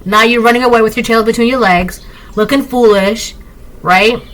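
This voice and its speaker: Tagging her points with "right?" again and again, a tarot reader gives an emphatic, repetitive, casual reading. Her voice runs on the high side and a bit bright at normal speed, and the recording is rough.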